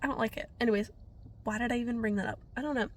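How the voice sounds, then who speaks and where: A woman's voice: fairly high pitch, rapid-fire, slight background noise. A young woman vlogging casually to camera while sniffly from being sick, rambling and self-deprecating with lots of filler words. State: sniffly from a cold.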